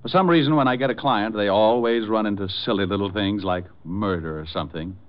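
A man's voice: lowish voice, a little fast, close to an everyday voice. An actor playing a wisecracking male private detective, who also narrates, in 1940s radio acting. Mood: wry. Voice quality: wry, wisecracking. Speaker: narrator and lead. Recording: dull old 1940s radio recording.

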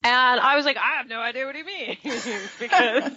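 A woman's voice: moderate pace, dull audio. A woman actress chatting in an interview, telling stories animatedly and acting out other people's lines. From New York. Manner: animated storytelling, acting out quotes with big pitch jumps. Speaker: actress and guest. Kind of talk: casual interview chat.

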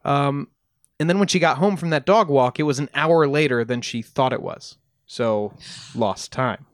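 A man's voice: mid-range voice, moderate pace, dry recording, clean studio sound. A man on a podcast casually retelling a story he has researched, with frequent ums and restarts. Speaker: podcast host presenting research.

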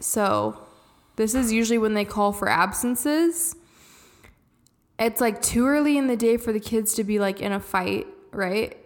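A woman's voice: mid-range voice, moderate pace. A woman in her thirties co-hosting a casual podcast, telling stories with lots of laughter and acting out the phone calls. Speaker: podcast co-host. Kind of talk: casual chat, storytelling.

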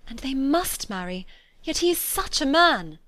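A woman reading a classic novel aloud, voicing an eager, sharp-witted young woman who speaks in urgent exclamations. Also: sits high, very animated, measured pace, no echo, voice pushed up, exaggerated voice. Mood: anxious, urgent.

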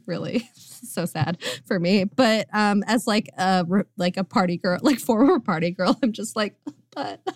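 A woman guest on a podcast, chatting casually, full of "like" fillers and quick laughs. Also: mid-range voice, dry recording, clean studio sound. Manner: laughing often, lots of "like" fillers. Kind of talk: casual chat.

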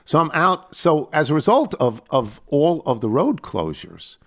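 A man's voice: fairly high pitch, a little slow. An older man hosting a podcast, chatting casually and acting out the people in his stories. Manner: animated, acts out voices in anecdotes. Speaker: podcast host. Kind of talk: casual chat, storytelling.

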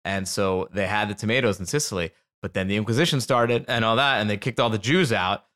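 A man's voice: fairly low pitch, a little fast, fairly bright tone. Enthusiastic, swearing young man co-host. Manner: enthusiastic, profane, joking. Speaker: podcast co-host. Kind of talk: casual chat.

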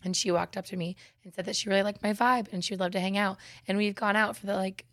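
A woman's voice: medium pitch, steady tone, quick pace, fairly bright tone, no echo, clean studio sound. A young woman co-hosting a podcast, chatting casually and playfully and swearing freely. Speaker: podcast co-host. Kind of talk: casual chat.

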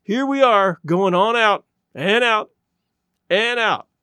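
A man voicing a calm, devout old lady. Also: high-pitched, slow, clear, resonant tone, no echo, studio quality, pitched above the performer's own voice, full character voice. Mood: dreamy. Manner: soft, wistful and reverent. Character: elderly woman space traveler, calm and devout.

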